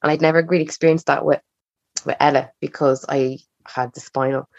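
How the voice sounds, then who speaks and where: Speaking fairly quickly in a low, steady voice with vocal fry and a slightly mellow quality, a young woman tells a personal story on a podcast as a guest. She's chatty and acts out quoted dialogue. The dry recording is slightly dull and muffled.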